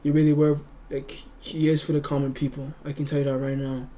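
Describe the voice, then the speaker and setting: An earnest young man chats on his livestream, his voice sitting a bit high. He gets emotional and trips over his words, repeating them as he goes. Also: level tone, fairly quick, mellow. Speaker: streamer. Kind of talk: casual livestream chat.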